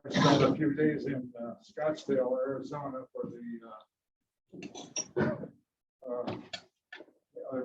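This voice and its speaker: A man telling a short matter-of-fact story at a club meeting. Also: mid-range voice. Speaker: club member sharing news. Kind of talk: casual meeting remarks. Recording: far, echoey, muffled, loud noise.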